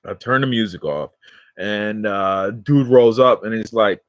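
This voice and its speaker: A man's voice: on the low side, measured pace, dry recording. A man casually telling a rambling story straight to his viewers in slangy, everyday speech, speaking close to the mic. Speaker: cannabis vlogger.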